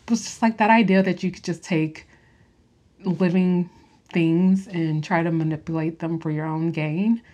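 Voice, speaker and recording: Chatty low-voiced young woman. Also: steady tone, normal speed, a little mellow. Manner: chatty, rambling, with frequent fillers and laughs. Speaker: podcast host reviewing a film. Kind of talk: casual chat.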